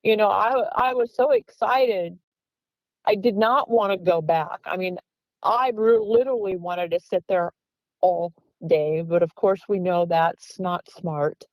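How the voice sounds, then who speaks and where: A woman's voice: fairly low pitch, steady tone, unhurried, a little mellow, no echo, rough recording. A woman guest earnestly telling a long encounter story, acting out the quoted voices of the people in it. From Pennsylvania. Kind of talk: recounting an encounter.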